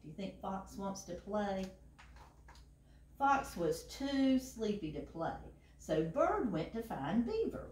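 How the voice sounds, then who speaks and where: Librarian lady reading to kids, slow and lively, echoey room, far from the mic. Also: medium pitch. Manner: slow, animated, asks the children questions. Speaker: children's librarian. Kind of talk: reading a picture book to children. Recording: roomy and distant from the mic.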